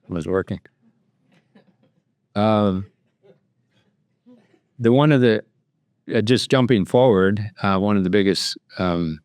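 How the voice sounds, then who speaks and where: A man's voice: deep voice, a little mellow, smooth, no echo. A middle-aged man, a priest, telling a personal story at a luncheon in a rambling, anecdotal way with many fillers and restarts. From United States. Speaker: priest and guest speaker.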